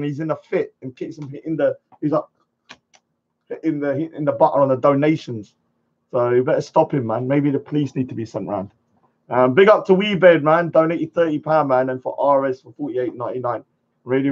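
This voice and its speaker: A man hosting a live stream, chatting casually and rambling, sometimes shouting at viewers. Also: a little high, a little fast. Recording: dull lo-fi stream audio.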